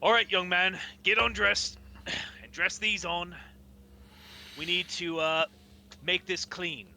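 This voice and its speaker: A man voicing a huge Goliath warrior who gives brisk orders in a tabletop game. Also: sits high, fairly even intonation, gravelly, bright, forceful tone, pitched above the performer's own voice, heavily acted.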